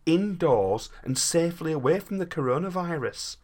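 A man's voice: a little high, animated, moderate pace, a little mellow. A man co-hosting a comic podcast, rambling and chatty as he reads out a news story with lots of restarts. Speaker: co-host reading out a news story. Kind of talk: joking comic banter.

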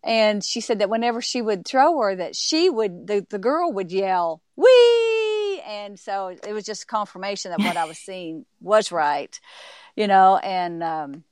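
A woman guest recounting stories in an interview, her voice smooth and resonant. She talks in a halting way, often restarting sentences and using fillers. The sound is dry and close. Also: medium pitch, dry recording. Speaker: author and speaker, guest. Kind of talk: casual interview storytelling.

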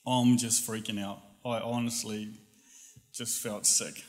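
A man's voice: on the low side, measured pace. Aussie guy telling a story, laughs a lot, acts out the voices. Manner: animated, laughs often, mimics voices in quotes. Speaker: guest telling a personal faith story. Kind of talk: casual storytelling.

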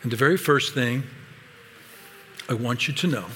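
A man's voice: mid-range voice, normal speed, fairly bright tone, a little hiss or hum. A man preaching a sermon as pastor, with an emphatic, varied delivery. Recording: long hall reverb.

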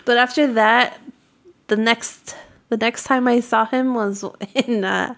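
Woman podcast co-host, dry and relaxed. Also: a little high, slow pace. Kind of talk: casual chat.

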